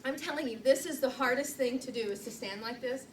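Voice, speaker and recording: A middle-aged woman leads a live training session in a chatty, self-deprecating way, her voice sitting a little high. She is picked up from a distance in an echoing meeting room, with noise underneath. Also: a little fast. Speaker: public speaking trainer. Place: meeting room, recorded from the back. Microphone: far camera mic. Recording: roomy, distant and noisy room recording.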